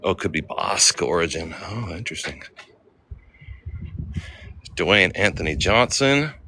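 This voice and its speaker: Man, low bright voice, casual chatty vlogger greeting viewers on a phone stream. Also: animated, a little slow, a little hiss or hum. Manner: chatty, reads names aloud, greets viewers. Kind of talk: casual livestream walk-and-talk. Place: outdoor cemetery.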